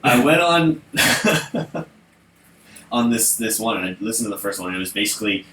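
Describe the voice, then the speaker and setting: A man's voice: mid-range voice, expressive, normal speed, pushed and bright, distant mic. A man co-hosting a podcast, chatting casually and rambling with many restarts. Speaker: podcast co-host. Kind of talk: casual chat. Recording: echoey room, faint noise.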